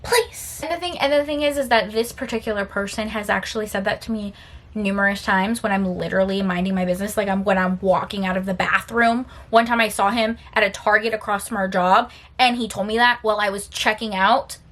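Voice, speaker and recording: A young adult woman chatting casually as a book vlogger, tired but animated, telling stories with sassy, emphatic asides. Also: mid-range voice, a little fast.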